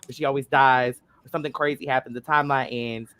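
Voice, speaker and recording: A man on a casual group chat, explaining at length in a rambling, animated way. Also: mid-range voice, fast talker. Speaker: panelist.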